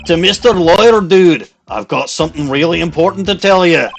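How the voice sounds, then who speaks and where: Slacker rock-star dude, put-on Scottish accent, loud and drawn out; a male let's-player voicing him. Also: on the high side, lively intonation, brisk, gravelly, soft background music, pitched above the performer's own voice. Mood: breezy. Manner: loud, drawling, casual.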